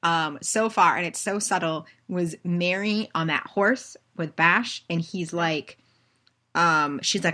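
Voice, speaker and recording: A woman in relaxed podcast chat, giggling often and bursting into put-on voices as she retells scenes. Her voice sits on the lower side and has a bright, forceful edge. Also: measured pace. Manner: animated, giggly, acts out quotes. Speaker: podcast co-host. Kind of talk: casual chat.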